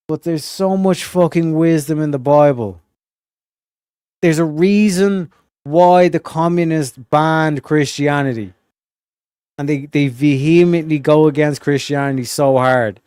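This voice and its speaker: Fired-up, cursing streamer. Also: male voice, a little high, unhurried, pauses often, darkish tone, clean tone, no room sound, studio quality. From Ireland. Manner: heated, swears a lot, acts out voices. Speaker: streamer reacting to clips. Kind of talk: casual profane commentary.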